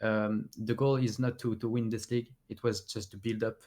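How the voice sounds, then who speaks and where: A man with a French accent, a player answering post-match interview questions in halting English and often searching for words. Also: on the low side, level tone, darkish tone, slight background noise.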